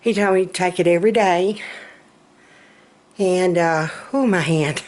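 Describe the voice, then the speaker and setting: A woman's voice: on the low side, a little slow, darkish tone. A middle-aged woman, chatting in a self-mocking, storytelling way. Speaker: vlogger. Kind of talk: casual chat.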